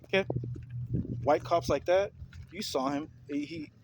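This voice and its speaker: A man's voice: on the high side, sing-song, unhurried, creaky, a little mellow, slight background noise, poor audio. A man ranting heatedly to his viewers in a video commentary, repeating himself and confronting his listeners with questions. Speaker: vlogger.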